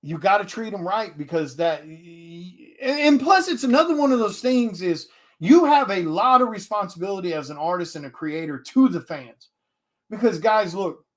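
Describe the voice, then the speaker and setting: A man, an indie comic artist, talking to his viewers in a blunt, profane casual rant, with many restarts. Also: high voice.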